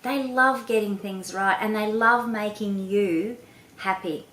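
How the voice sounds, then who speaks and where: A woman patiently explaining children's speech sounds to parents, sounding out each sound slowly and clearly. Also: mid-range voice, fairly bright tone, reverberant, rough recording. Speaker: literacy educator. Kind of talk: instructional talk to parents.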